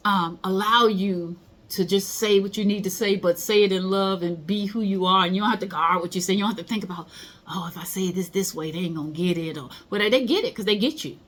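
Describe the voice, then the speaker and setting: A woman's voice: mid-range voice, a bit bright. A middle-aged woman, giving casual motivational advice and telling stories. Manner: conversational, storytelling, acts out quoted voices. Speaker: motivational speaker.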